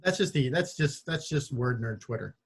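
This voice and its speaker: A man's voice: medium pitch, lively intonation, normal speed, slightly rough. A man hosting a casual podcast, joking dryly and often stumbling over his words as he riffs. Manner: wry, stammers and restarts when riffing. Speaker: podcast host.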